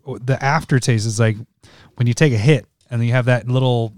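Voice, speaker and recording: A man co-hosting a podcast in casual chat, relaxed and quick to laugh. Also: medium pitch, dry recording, clean studio sound. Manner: laid-back, laughs often. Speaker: podcast co-host.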